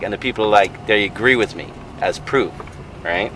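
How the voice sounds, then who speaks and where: Dad telling a fake story and swearing it's true, low-ish voice, kinda sharp, keeps saying right?. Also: male voice, moderate pace, a little hiss or hum, rough recording. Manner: keeps insisting it's true, laughs often, tags lines with "right?"; loudly mimics baby wails. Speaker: father telling a made-up story. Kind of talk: joking tall tale, mock-serious.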